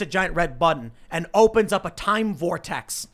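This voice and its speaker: A man hosting a casual talk show, telling comic stories in an animated way and repeating words as he cuts in. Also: a little high, normal speed. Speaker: podcast host. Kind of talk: casual chat and comic storytelling.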